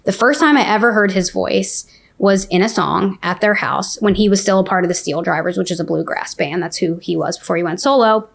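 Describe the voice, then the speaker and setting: A woman at a middle pitch talks openly about her own past as a podcast guest. Her storytelling is loose and conversational, scattered with "like" and "um." The delivery stays frank and unpolished. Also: fairly quick, gravelly. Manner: candid, says "like" often. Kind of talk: casual personal storytelling.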